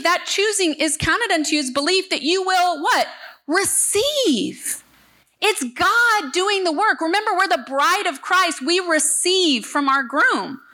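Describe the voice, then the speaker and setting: A middle-aged woman preaching at a church service in a high voice with a bright, sharp edge. She speaks emphatically and turns often to the congregation, checking that they are following her. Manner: emphatic, talks directly to the congregation. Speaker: guest speaker. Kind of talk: sermon.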